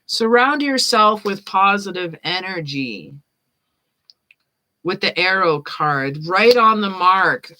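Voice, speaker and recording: A woman giving tarot readings on a casual live stream, chatting and reading card meanings aloud as she thinks out loud. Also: medium pitch, lively intonation, slow, rough recording. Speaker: tarot reader.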